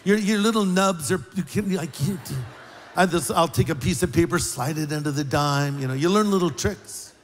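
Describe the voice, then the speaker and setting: A man preaching a sermon as pastor, in a conversational, joking way with big swings in pitch. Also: expressive, a little slow, a little hiss or hum. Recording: live sermon with long hall reverb.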